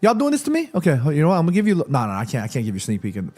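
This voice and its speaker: Excitable high-voiced male stream host. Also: very fast. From Korea. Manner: chatty, reads chat aloud, excited shouts at match action. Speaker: streamer hosting a football watchalong. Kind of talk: live stream watchalong chat and commentary.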